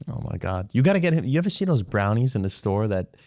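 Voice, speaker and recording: Blunt, joking man, lowish voice. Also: big pitch swings, quick pace, a little mellow, dry recording, studio quality. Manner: blunt, joking, swears freely. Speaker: podcast guest. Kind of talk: casual chat. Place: home.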